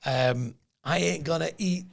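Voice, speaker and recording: A comedian co-hosting a podcast tells funny stories, laughing often and doing voices for the people in them. His voice is a little high with vocal fry, his pace a little slow, and soft music plays in the background.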